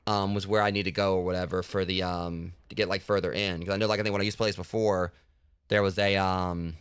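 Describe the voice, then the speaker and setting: Deep voice guy streaming a game, talks quick, rambly with lots of likes and you knows. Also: level tone, fairly bright tone, smooth, no echo. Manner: rambling, heavy with fillers like "like" and "you know". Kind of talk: casual gaming livestream talk.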